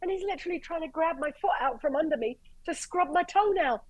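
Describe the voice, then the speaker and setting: Blunt, animated Irish woman telling stories. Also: very high-pitched, quick pace, no echo, rough recording. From Ireland. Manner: animated, blunt, swears freely, acts out quotes. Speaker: paramedic guest. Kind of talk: casual storytelling.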